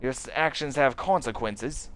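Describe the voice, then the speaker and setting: A man voicing a big, furious male PE teacher in a game, shouting threats and swearing. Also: on the high side, lively intonation, moderate pace. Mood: menacing. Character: furious hulking male PE teacher, bitten, bullying.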